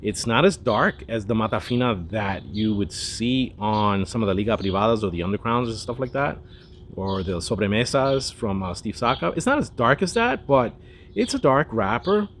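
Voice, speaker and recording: A man's voice: lowish voice, lively intonation, normal speed, fairly bright tone, slight background noise. A man hosting a cigar review, talking in a rambling, chatty way with lots of asides and restarts. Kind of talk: casual cigar review monologue.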